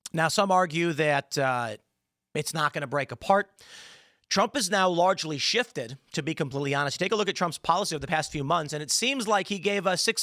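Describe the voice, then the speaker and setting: A man's voice: on the high side, sharp tone, dry recording, clean studio sound. A man in his thirties hosting a solo political commentary show, talking emphatically with rambling, sarcastic asides.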